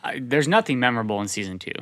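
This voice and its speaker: Bright-toned man giving halting opinions. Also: medium pitch, expressive, no room sound, studio quality. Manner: short agreeing replies, halting when giving opinions. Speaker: podcast co-host. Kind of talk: casual chat.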